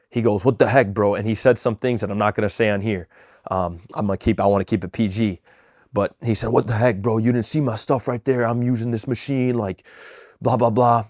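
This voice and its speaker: Young man, low voice, earnest casual motivational vlog, dry close sound. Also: darkish tone, dry recording. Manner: earnest storytelling with fillers and repeats. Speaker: vlogger giving weekly motivation. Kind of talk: casual motivational talk to camera.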